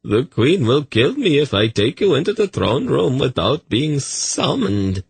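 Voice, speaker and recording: A squeaky, high, stammering eunuch official, fat and frightened out of his wits, as a male audiobook narrator puts him on. The voice leaps up sharply in panic and swings wildly. It sounds husky and dry, close to the mic. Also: big pitch swings, unhurried, no echo, full character voice. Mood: panicked pleading.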